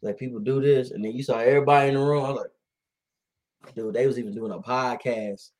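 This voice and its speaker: A man's voice: medium pitch, fairly even intonation, fast talker, darkish tone. A young man in his twenties co-hosting a podcast, telling stories in a laid-back, slangy way and laughing often. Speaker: podcast co-host. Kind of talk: casual chat.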